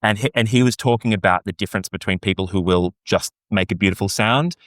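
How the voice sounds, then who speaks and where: A man's voice: fast talker, no room sound, clean studio sound. An Australian man co-hosting a podcast, chatting enthusiastically about a singing competition, his voice leaping up on questions. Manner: enthusiastic, animated, jumps to high pitch on questions. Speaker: podcast co-host. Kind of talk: casual chat reviewing a singing competition.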